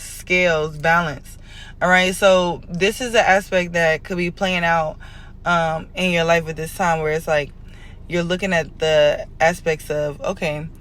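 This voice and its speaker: A woman's voice: fairly low pitch, fairly bright tone. A woman talking casually as an astrologer and spiritual reader, candid and emotional, rambling loosely and checking in with her viewers. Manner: addresses viewers directly, checks in often. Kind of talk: casual confessional astrology talk.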